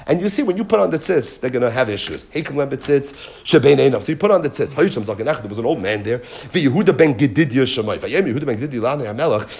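A man giving a Talmud lesson, retelling and explaining the story in an animated, dramatizing way. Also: mid-range voice, racing. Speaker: teacher.

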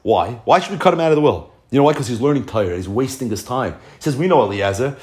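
Animated man teaching a Talmud class. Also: mid-range voice, fast. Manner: animated storytelling, acts out dialogue; repeats and restarts phrases. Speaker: Torah teacher.

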